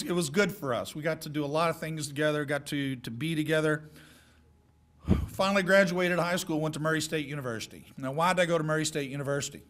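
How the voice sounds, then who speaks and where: A middle-aged man giving a folksy, joking speech of advice to high school seniors. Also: fairly bright tone. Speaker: guest speaker.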